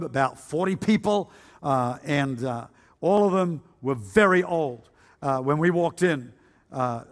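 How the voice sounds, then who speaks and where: A man preaching a humorous testimony sermon, telling his story with self-mocking jokes and frequent filler uhs. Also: sits high. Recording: long hall reverb.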